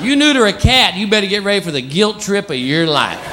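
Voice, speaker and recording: Man, stand-up comedian, high voice, animated delivery, crowd and room noise behind. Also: brisk. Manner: animated, acts out pets in funny voices. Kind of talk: stand-up routine. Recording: live club with crowd and noise. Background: audience laughter.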